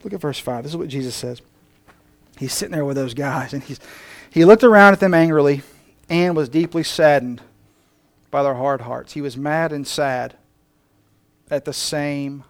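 A male pastor preaching a passionate sermon, moving between emphatic lines and quiet ones. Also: medium pitch, moderate pace, pauses often, dry recording.

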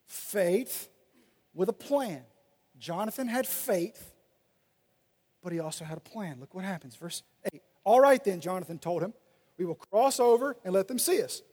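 High-voiced man preaching in a hall. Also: lively intonation, moderate pace. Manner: preaching with sudden loud and soft swings, reading scripture aloud. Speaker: pastor. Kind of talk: sermon. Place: church sanctuary. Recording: long reverb of a large hall.

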